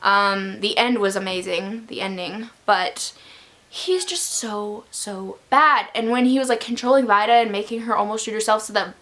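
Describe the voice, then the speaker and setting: A woman giving a casual book review in her vlog, talking as a gushing, excitable fan. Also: medium pitch, normal speed.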